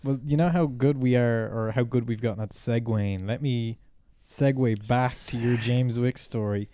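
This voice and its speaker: A man's voice: medium pitch, fairly even intonation, normal speed, warm tone, no room sound, studio quality. A man co-hosting a podcast, telling a rambling story in casual chat with plenty of fillers. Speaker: podcast co-host.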